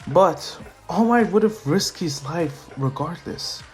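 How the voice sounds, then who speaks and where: A man voicing an earnest teenage boy hero who reassures his friend in a calm voice. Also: fairly high pitch, slow pace, faint music behind, pitched above the performer's own voice.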